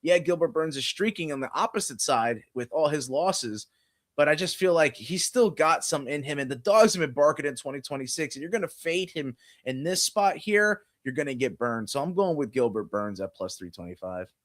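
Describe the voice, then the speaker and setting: A man's voice: fairly high pitch, expressive, normal speed. A man co-hosting a podcast, chatting casually about fight betting with lots of "you know" fillers. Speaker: podcast co-host. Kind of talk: casual sports betting chat.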